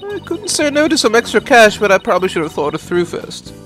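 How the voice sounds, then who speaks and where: A peppy young woman lawyer, put on by a man with a raised, lively voice. She gripes in quick, exasperated bursts, with faint game music behind. It comes from a fan voice-over of a video game. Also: high-pitched, pitched above the performer's own voice.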